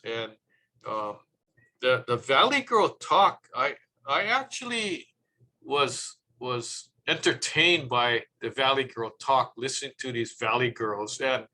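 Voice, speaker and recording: A man presenting tips on public speaking in a relaxed, chatty way, acting out little quoted remarks. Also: mid-range voice, slight background noise, poor audio.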